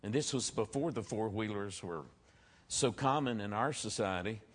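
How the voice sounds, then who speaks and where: A middle-aged man delivering a sermon, with a somewhat low voice. He tells stories earnestly, dropping to quiet asides and then rising loud on the points he wants to stress. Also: normal speed. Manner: storytelling preacher, earnest, varies loudness for emphasis. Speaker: pastor.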